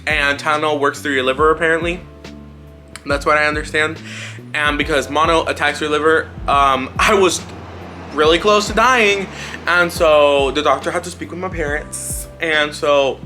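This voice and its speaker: Man, vlogger, casual storytime, candid, wry, swears freely, fairly high, bright tone. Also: steady tone, measured pace, pauses often, faint music behind.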